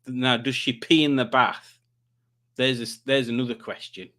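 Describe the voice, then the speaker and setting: A man's voice: medium pitch, steady tone, moderate pace, sharp tone. A man hosting a live stream, chatting casually and joking while reading out viewer comments. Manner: playful, jokey, chatty asides.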